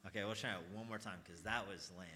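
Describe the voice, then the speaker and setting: A man's voice: lowish voice, fairly even intonation, fast talker, bright, forceful tone, a little hiss or hum. A man teaching an evangelism class at church, talking conversationally, quizzing his students and stressing key points earnestly.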